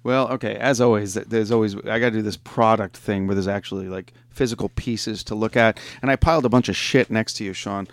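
A man's voice: on the low side, fairly even intonation, fairly quick, few pauses, no echo. A man hosting a music radio show, chatting casually in a laid-back, rambling way and getting enthusiastic about bands. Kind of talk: casual chat.

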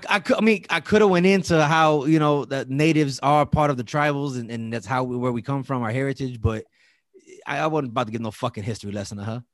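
A man of Latin American heritage telling a story in casual chat, animated and profane, often repeating and restarting words. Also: medium pitch, quick pace, no room sound, studio quality.

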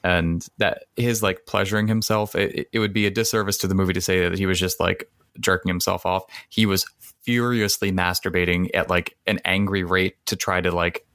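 A man co-hosting a podcast, talking casually and haltingly with repeated words. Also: low-pitched, steady tone, a bit bright, dry recording, clean studio sound. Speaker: podcast co-host.

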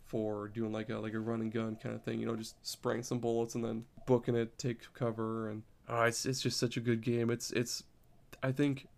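A man's voice: medium pitch, gravelly, a little mellow. A man chatting casually on a podcast, rambling and repeating words as he explains. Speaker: podcast co-host.

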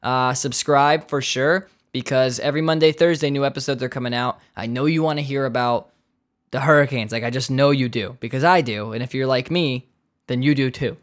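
A man's voice: mid-range voice, brisk. A man hosting a hockey podcast, talking casually with rambling asides, joking tangents and many fillers. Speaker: podcast host.

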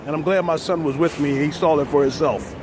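A man's voice: a little high, fairly even intonation, a little fast. Man vlogging loosely on a busy street. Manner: loose, conversational, sprinkled with "man" and "you know". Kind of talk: casual walking vlog. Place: city street outdoors. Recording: noisy outdoor street audio. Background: street traffic.

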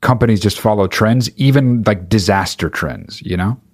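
A man's voice: on the low side, normal speed, husky, no room sound. Exasperated man on a swearing rant. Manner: exasperated, swearing constantly, speeding up as he gets angry. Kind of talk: profane comedic rant.

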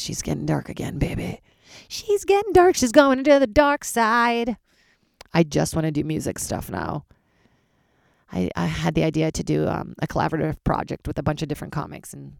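Low-voiced woman comic rambling animatedly. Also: vocal fry, no room sound, clean studio sound. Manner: animated, swears freely, big jumps in pitch. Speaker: stand-up comedian and podcast host. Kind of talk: casual rambling monologue.

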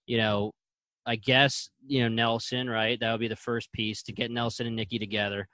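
A man's voice: mid-range voice, level tone, normal speed, pushed and bright, no room sound. A man on a casual podcast, thinking aloud and speculating about plot moves, with "you know" fillers. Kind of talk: casual discussion of a TV episode.

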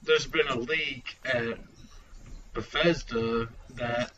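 A man's voice: medium pitch, slow, sharp tone, lo-fi sound, slight background noise. A man hosting a casual podcast chat, rambling with lots of fillers and frequent laughter. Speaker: podcast host.

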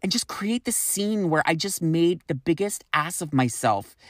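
A young man telling a candid personal story to his viewers, animated and swearing freely. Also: fairly high pitch, moderate pace, no echo, clean studio sound. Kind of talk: storytime vlog.

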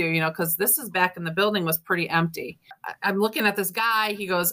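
A woman's voice: fairly low pitch, steady tone, brisk, pushed and bright. A middle-aged woman, a ghost tour guide, chatting and telling stories in an interview, laughing often and acting out the people she quotes. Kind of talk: casual storytelling interview.

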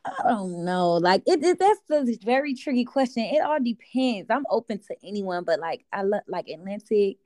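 A woman's voice: mid-range voice, lively intonation, moderate pace, few pauses, dark tone, dry recording. A young woman being interviewed as an artist, chatting in a casual, easygoing way and laughing now and then. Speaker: guest artist.

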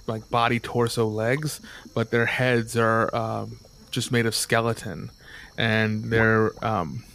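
A man running a tabletop game as game master, describing scenes in a hesitant way with many fillers. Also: on the low side.

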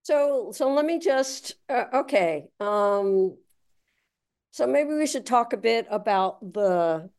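A woman's voice: on the high side, lively intonation, takes it slowly, a little mellow. A woman hosting an interview, asking long, rambling questions full of fillers. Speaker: podcast host.

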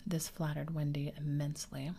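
A woman reading a children's story aloud in a slow, soothing ASMR whisper. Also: low-pitched, flat delivery, dark tone, slight background noise. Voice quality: breathy whisper.

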